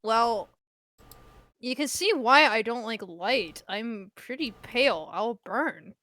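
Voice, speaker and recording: Casual: girl doing a shy pale hero guy, polite and nervous, kinda high and bright. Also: lively intonation, slow, no echo.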